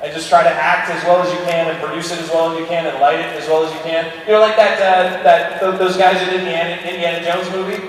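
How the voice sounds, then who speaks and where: Eager high-voiced man in a big hall. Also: flat delivery, fast, hardly any pauses, slight background noise. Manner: enthusiastic, encouraging, rambling. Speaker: actor and panel guest. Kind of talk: convention panel Q&A. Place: large convention hall. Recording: echoey convention hall from far off.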